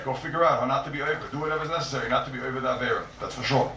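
A man's voice: medium pitch, rapid-fire, bright, forceful tone, a little hiss or hum. A man teaching a Talmudic lecture, emphatic and repetitive, posing rhetorical questions and stressing his points. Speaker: Torah teacher. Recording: echoey room, distant mic.

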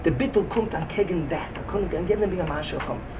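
A man with a Yeshivish accent teaches a Talmud class at a rapid clip. His voice sits high for a man and he presses his points hard. A faint hum of the room stays underneath. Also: muffled recording. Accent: Yeshivish English. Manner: rapid, emphatic, mixes Yiddish and Hebrew terms into English. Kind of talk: Talmudic lecture.

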